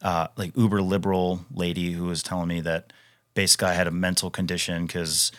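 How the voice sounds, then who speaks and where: As a podcast guest, a retired Navy SEAL in his thirties from Wisconsin, US, tells casual stories in a low, level, fairly bright voice, a little fast. He speaks emphatically with frequent fillers, restarts and "dude"s. The recording is close and dry with no echo.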